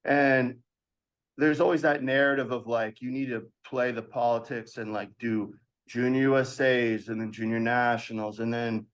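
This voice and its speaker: A man in his thirties, a podcast guest telling an animated story from his past and acting out the voices of others with laughs. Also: mid-range voice, normal speed. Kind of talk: storytelling in a casual interview.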